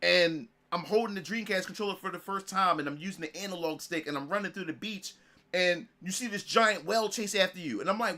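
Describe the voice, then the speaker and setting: A gaming streamer in his thirties reminisces in casual commentary, sounding excitable and repetitive as he swears and restarts sentences. His voice is high and a little fast.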